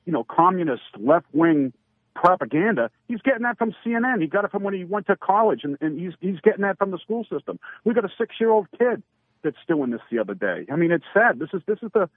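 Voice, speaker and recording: A man's voice: high-pitched, big pitch swings, quick pace, no echo. A man calling in to a radio talk show, talking heatedly and stumbling over his words with many restarts. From Massachusetts. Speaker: caller. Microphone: phone. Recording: tinny phone line, dry.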